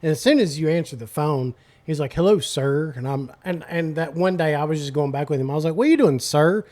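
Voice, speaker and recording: Podcast co-host: a man, casual and slangy, with a fairly high pitch. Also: brisk, darkish tone. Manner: rambling, slangy storyteller. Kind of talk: casual chat.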